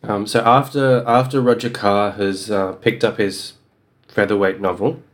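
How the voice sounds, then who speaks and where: Low-voiced dry male podcast host. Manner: dry, wry, recaps plot in detail. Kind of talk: casual chat about a novel.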